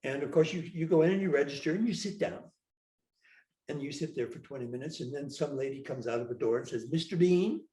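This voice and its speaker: A man's voice: mid-range voice, fast talker, echoey room. An older man, a guest in an interview, telling a funny anecdote and acting out each voice in it. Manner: animated storyteller, acts out dialogue with a lively voice. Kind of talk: storytelling anecdote.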